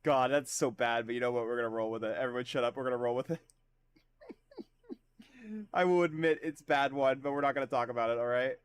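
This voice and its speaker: In a smooth, medium-pitched voice with fairly even intonation and no echo, a man streams a video game. His talk with viewers is casual and profane, full of jokes at his own expense and quick asides to chat.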